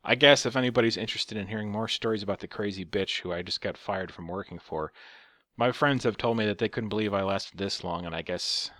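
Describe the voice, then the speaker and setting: Low-voiced, sarcastic male vlogger, casual and foul-mouthed. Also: fairly quick, pushed and bright, no room sound, clean studio sound. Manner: sarcastic and profane. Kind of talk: casual storytelling rant.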